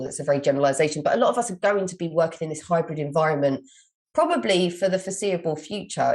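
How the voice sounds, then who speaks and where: Low-voiced British woman coaching. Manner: reads listener questions aloud, then answers warmly and at length. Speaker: communication coach answering questions. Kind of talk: live Q&A advice session.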